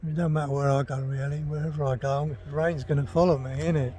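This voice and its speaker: Retired bloke vlogging outdoors on his phone, chatty, mellow tone, higher voice. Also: little pitch movement, fast, slight background noise. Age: older. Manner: chatty, rambling, talks to his dog. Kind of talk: casual walking vlog. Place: forest, outdoors.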